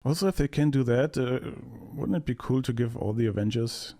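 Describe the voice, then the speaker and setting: A man's voice: mid-range voice, brisk, mellow. Sarcastic man mocking a movie. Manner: sarcastic, mocking, bursts of laughter. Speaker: movie reactor. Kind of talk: casual movie commentary.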